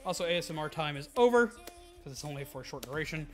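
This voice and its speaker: Chatty male streamer, slightly high voice. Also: animated, quick pace, faint music behind. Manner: chatty, answers chat, laughs easily. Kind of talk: casual live-stream chat.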